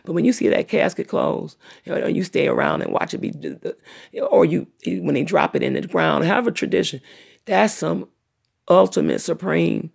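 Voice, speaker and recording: A middle-aged woman hosts her own livestream in an unscripted rant, going on at length in a blunt, profane, long-winded way. Her voice is on the low side, slightly mellow and husky, with vocal fry.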